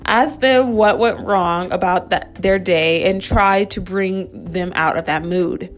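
A woman's voice: lowish voice, moderate pace, soft background music. A woman hosting a podcast who gives relationship advice in a chatty, bubbly way, full of asides. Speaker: podcast host. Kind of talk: casual relationship advice chat.

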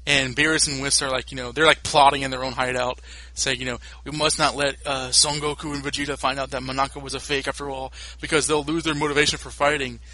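A man's voice: mid-range voice, level tone, quick pace, few pauses, pushed and bright, slight background noise, rough recording. A man hosting a podcast, recapping episodes in a casual, rambling way with lots of fillers and restarts, recorded on a home mic over a call. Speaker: podcast host.

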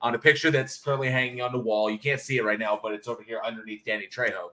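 A man's voice: mid-range voice, fairly even intonation, racing, bright, forceful tone. A man co-hosting a podcast in casual chat, telling rambling stories and laughing often. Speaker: podcast co-host.

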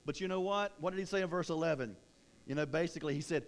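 Male pastor with a high voice, preaching casually and with energy. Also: fast talker. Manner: energetic, conversational preaching with many restarts. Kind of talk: sermon.

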